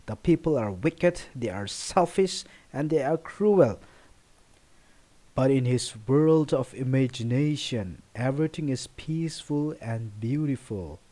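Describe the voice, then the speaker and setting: A man giving a recorded poetry lesson, explaining slowly and listing words one by one. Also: medium pitch, animated, dark tone. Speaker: teacher.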